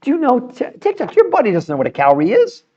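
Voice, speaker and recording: A middle-aged man with a fairly high voice argues his point with passion as he hosts a livestream health talk. He often repeats words and restarts his sentences when he gets fired up. The sound is dull and lo-fi. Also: wildly swooping pitch, fast talker, dark tone. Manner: passionate, emphatic, argumentative. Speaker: health show host answering viewer comments.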